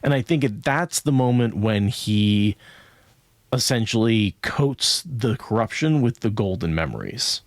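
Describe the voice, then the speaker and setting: In a clean, dry studio recording, a man with a voice on the low side co-hosts a podcast discussing a book. He is animated yet unhurried, rambling thoughtfully and often adding "right?"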